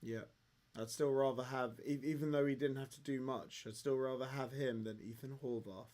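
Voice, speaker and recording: A man hosting a football fan phone-in, excitable and jokey, often repeating words as he talks. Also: mid-range voice, normal speed. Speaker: podcast host taking calls. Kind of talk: casual football phone-in chat.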